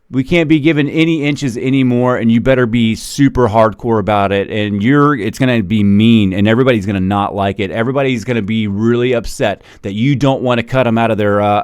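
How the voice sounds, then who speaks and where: A man's voice: mid-range voice, fast, a little mellow, clean tone, dry recording, studio quality. A man in his forties ranting in casual commentary, heated and swearing, with many restarts and repeated words. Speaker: commentator reacting to a video. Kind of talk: casual rant.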